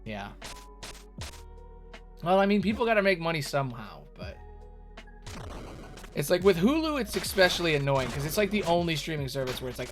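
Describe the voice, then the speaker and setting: Streaming a game, a man talks casually to chat in a slightly high voice with big pitch swings, moderate pace, and long pauses. He rambles and keeps restarting his sentences, and loud video game music runs beneath him.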